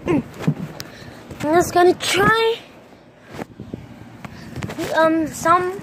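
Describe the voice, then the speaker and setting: A woman vlogging casually on her phone outdoors, playful and excitable, making silly sound effects and letting out sudden yelps. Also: very high voice, very slow. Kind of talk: casual vlog commentary. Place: outdoors in a storm. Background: thunder and rain noise.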